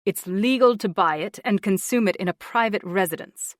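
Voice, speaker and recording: A woman voicing a steady, matter-of-fact young man. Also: medium pitch, moderate pace, no room sound, clean studio sound, natural voice. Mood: firm.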